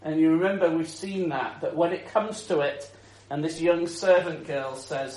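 Man, preacher, sermon, animated storytelling, chuckles, high voice, echoey room. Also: moderate pace.

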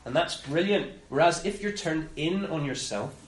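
A man preaching a conversational sermon, often voicing the master's words in quick asides. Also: fairly high pitch, animated. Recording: roomy echo with faint ambience.

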